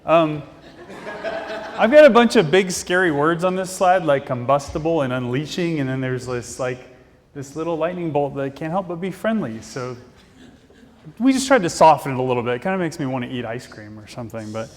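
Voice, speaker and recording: A man giving a fast, casual, jokey conference talk from a stage. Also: fairly high pitch, expressive, slight background noise. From Indianapolis, Indiana, US. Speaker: conference speaker. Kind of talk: keynote presentation. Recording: long reverb of a conference hall.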